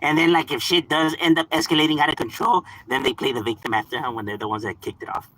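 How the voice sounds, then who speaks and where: A man's voice: on the high side, fast talker, a bit bright, rough recording. A young man chatting casually on a live stream, slangy and laughing often. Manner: laid-back slang, mixes in Spanish words, laughs often.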